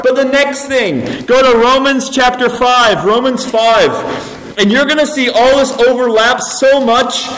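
A man preaching a sermon in a church hall, emphatic, dropping to a hush and then rising loud again. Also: extremely high pitch. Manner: emphatic, swings between hushed and loud. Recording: echoey hall, mic far off.

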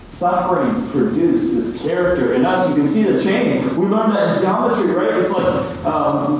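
A man preaching a sermon in a church hall, emphatic, dropping to a hush and then rising loud again. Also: sits high, slight background noise. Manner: emphatic, swings between hushed and loud. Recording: echoey hall, mic far off.

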